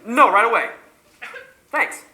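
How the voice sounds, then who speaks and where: A woman's voice: fairly high pitch, lively intonation, takes it slowly, bright, forceful tone, a little hiss or hum, exaggerated voice. A woman playing a wisecracking, confident male factory superintendent in a stage musical, wry and flirtatious, recorded in an echoey hall. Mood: brisk. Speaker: stage actor. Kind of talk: amateur stage musical acting.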